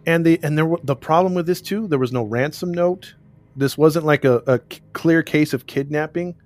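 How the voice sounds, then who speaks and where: A man's voice: a little high, normal speed, a little mellow, soft background music. A man co-hosting a casual chat, recounting a case in a rambling way with restarts and laughs. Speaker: podcast co-host recounting a case.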